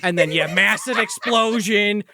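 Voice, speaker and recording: Bright-voiced podcast co-host retelling scenes. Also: medium pitch, unhurried, no echo, clean studio sound. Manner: swears freely, retells scenes. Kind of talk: casual movie review chat.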